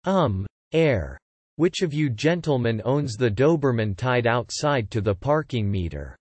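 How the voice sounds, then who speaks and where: A man's voice: big pitch swings, unhurried, a little mellow, no room sound. A man voicing a timid, nervous little man who speaks hesitantly. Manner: hesitant, squeaky.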